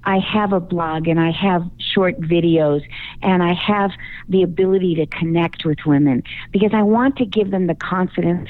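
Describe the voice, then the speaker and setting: A woman from Chicago, a guest speaking coach in a radio interview, giving confident, emphatic advice. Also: on the low side. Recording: phone-line call.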